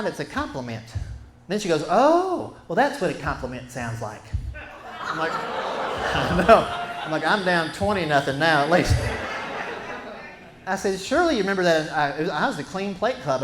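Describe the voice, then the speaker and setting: Folksy man telling a stand-up story. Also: high-pitched. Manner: folksy, animated, acts out quotes. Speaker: stand-up comedian. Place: stage before a live audience. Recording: echoey room with background noise.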